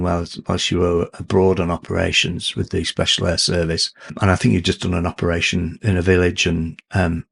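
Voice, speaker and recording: A man hosting a podcast interview, asking measured, thoughtful questions. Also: low voice, gravelly, breathy edge.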